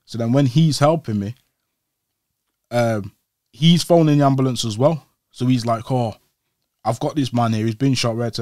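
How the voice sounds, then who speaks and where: A man's voice: mid-range voice, moderate pace, long pauses, dry recording, clean studio sound. A young man, an interview guest telling his story casually, acting out the voices of the people in it. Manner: animated, acts out quoted voices.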